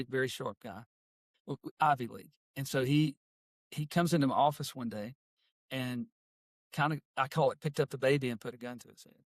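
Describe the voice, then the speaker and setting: Middle-aged man, folksy interview guest; medium pitch, dry studio sound. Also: dry recording. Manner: folksy, with homespun phrases. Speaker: guest, workplace culture consultant and author. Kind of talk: casual interview talk and storytelling.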